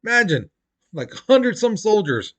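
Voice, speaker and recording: A man's voice: high voice, sing-song, measured pace. A man teaching a history lesson in a casual, chatty way, full of "you know" and "basically", acting out quotes in playful voices.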